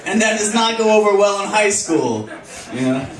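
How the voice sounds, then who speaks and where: Crude young comic with lively pitch. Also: male voice, normal speed, background noise. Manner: crude, self-mocking, laughing through punchlines. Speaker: stand-up comedian. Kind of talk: stand-up comedy set. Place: comedy club stage. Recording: roomy club, distant mic, audience laughing. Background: audience laughter.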